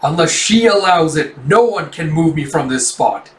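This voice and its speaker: Man doing a firm young lord, dutiful, a bit high-pitched, roomy echo. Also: lively intonation, moderate pace, lightly acted. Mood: firm resolve. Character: earnest young male lord, newly resolute. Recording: roomy, distant mic.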